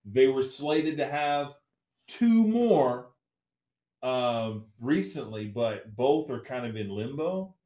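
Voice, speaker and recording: A man co-hosting a movie podcast in casual chat, halting and correcting himself as he talks. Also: mid-range voice, animated, dark tone, reverberant. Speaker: podcast co-host.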